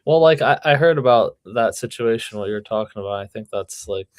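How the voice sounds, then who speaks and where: A man's voice: medium pitch, lively intonation, fairly quick, dry recording. A young man co-hosting a casual podcast, hesitant and full of fillers. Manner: hesitant, uses many fillers like "like". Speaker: podcast co-host.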